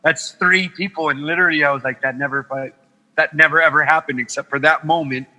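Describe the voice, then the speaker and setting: A man from Guam, a podcast guest, telling animated stories in casual chat, swearing freely and acting out the voices of people he quotes. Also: on the high side, brisk, in a large hall, low-quality recording.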